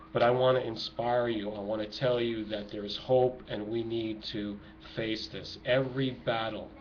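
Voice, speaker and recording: A middle-aged man delivers an emotional, urgent monologue to his viewers, sounding preachy and impassioned. His voice is recorded from home on a dull, lo-fi mic. A clear hiss of background noise runs under the recording. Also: mid-range voice. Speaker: activist vlogger. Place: home with children nearby.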